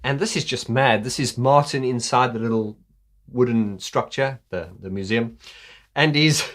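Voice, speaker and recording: A man's voice: mid-range voice, normal speed, a bit bright, soft background music. A man hosting a casual video commentary, enthusiastic, laughing often, with many fillers. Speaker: host.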